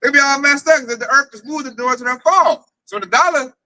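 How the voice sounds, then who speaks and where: A man's voice: very high voice, brisk, sharp tone, no room sound, rough recording. A man teaching at a religious camp, preaching to the group and reading scripture aloud.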